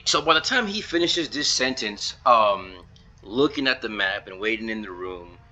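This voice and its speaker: A man with a very bright, forceful voice pitched a little low talks through a game-versus-manga comparison. He keeps it loose and chatty, stringing quotes together with "he's like," ums and uhs. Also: animated, normal speed, low-quality recording. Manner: retells scenes in a loose run of "he's like" quotes, with fillers. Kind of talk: casual commentary video.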